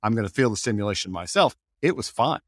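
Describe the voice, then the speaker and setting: Brief: male host, fairly low voice, dry close mic, easygoing storyteller. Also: fast talker, dry recording. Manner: relaxed, tells anecdotes, asks guiding questions. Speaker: podcast host, dog trainer. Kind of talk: casual podcast discussion.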